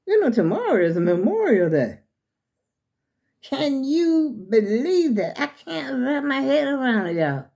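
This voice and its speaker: A woman's voice: a little high, darkish tone, dull audio. Rambling older woman, out of breath. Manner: chatty and rambling, addresses viewers as y'all. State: a little out of breath. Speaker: vlogger showing her clothes. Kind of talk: casual chat to viewers.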